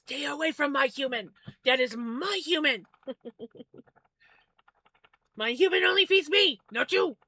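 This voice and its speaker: A woman voicing her jealous male pet, who bossily guards his owner in a raised, squeaky voice. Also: measured pace, long pauses, pushed and bright. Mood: possessive. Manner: bossy, territorial.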